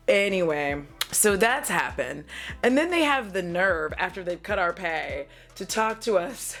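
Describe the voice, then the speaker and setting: A woman's voice: fairly low pitch, measured pace, soft background music. A woman who works as a mail carrier, telling a casual, profane story with frequent laughs. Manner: animated, profane, laughs often.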